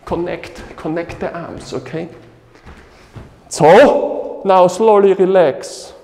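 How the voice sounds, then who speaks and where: Slow, patient qigong teacher in a hall. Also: male voice, high-pitched, vocal fry, a little mellow. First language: Chinese. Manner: short slow instructions in simple non-native English. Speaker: qigong instructor. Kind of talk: guiding a live class.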